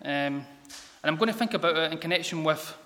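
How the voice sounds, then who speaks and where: This lay preacher's bright, forceful voice sits a little high for a man, and the church hall lends each phrase a long echoing tail. His informal gospel sermon is halting, with many ums and repeated words as he stumbles.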